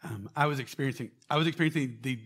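A man giving a casual, quick-talking sermon as pastor, joking with and quizzing a live church audience. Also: medium pitch, fairly bright tone, slightly rough.

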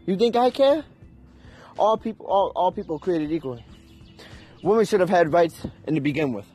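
A man's voice: high-pitched, lively intonation, moderate pace, darkish tone, husky, soft background music. A young man ranting in an unscripted, heated and profane way, with emphatic delivery. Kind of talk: unscripted rant.

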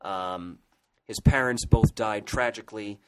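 On a poor-quality recording, a man with a fairly low, smooth voice speaks unhurriedly. He's co-hosting a casual podcast, retelling comic book history with enthusiasm, rambling and restarting often.

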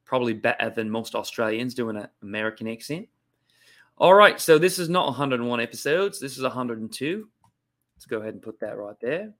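A man's voice: medium pitch, fairly bright tone, close to an everyday voice. A man putting on a playful mock Australian accent for a comedy show, mixing a British sound with a Southern drawl.

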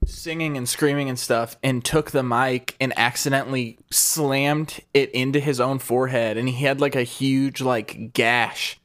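A man's voice: medium pitch, fairly even intonation, a little slow, hardly any pauses, a bit bright. A man co-hosting an improv podcast, telling stories in a dry, laid-back way. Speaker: podcast co-host. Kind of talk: casual chat.

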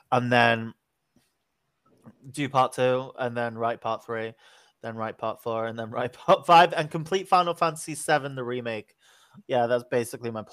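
A man's voice: mid-range voice, a bit bright, dry recording. A man co-hosting a casual podcast from his desk at home, playful and giggly, teasing and rambling. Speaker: podcast co-host. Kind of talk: casual chat.

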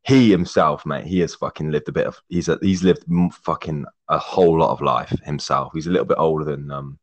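A young man with a very low voice chats as a podcast guest. He rambles with plenty of fillers and swears heavily, saying mate every few lines. His delivery is effusive and openly affectionate toward his host. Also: fairly even intonation, brisk. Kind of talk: casual chat. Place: remote call, living in Germany.

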